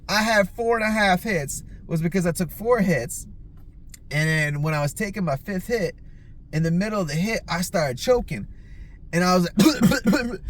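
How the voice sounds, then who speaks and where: A man with a slightly higher voice telling casual stories as a podcast host. He rambles, swears constantly and stuffs his sentences with "like". When he quotes himself, his voice jumps up in pitch. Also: animated, normal speed, slight background noise. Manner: rambling and heavily profane, lots of filler "like". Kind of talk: casual storytelling.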